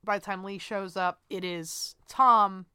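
A woman's voice: mid-range voice, fairly even intonation, a little slow, bright, forceful tone, clean tone, dry recording, clean studio sound. A woman co-hosting a podcast who chimes in to fill in plot details during a casual film recap. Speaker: podcast co-host.

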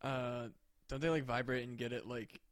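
A man's voice: medium pitch, fairly even intonation, normal speed, no echo. A man co-hosting a comedy podcast in casual chat, rambling and hesitant with frequent swearing. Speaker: podcast co-host.

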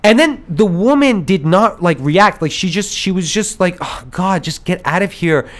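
Male podcast host, casual rambling storyteller, slightly high voice with very lively pitch, mimics others. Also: normal speed. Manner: animated, rambling storyteller who acts out voices and laughs often.

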